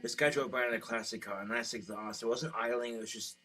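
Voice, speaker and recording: A man rants crudely and rambles through a comedic vlog monologue in a mid-range voice. A guitar plays clearly behind him the whole time. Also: medium pitch, steady tone, fast talker, bright, forceful tone, low-quality recording. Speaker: vlogger. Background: guitar music.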